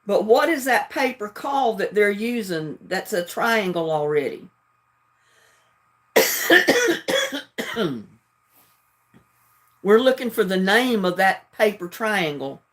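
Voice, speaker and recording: A woman's voice: mid-range voice, big pitch swings, slow pace, pauses often. A woman hosting a live trivia stream in a casual, chatty way, often breaking into giggles and talking straight to her viewers. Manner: chatty, addressing viewers directly. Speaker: livestream trivia host.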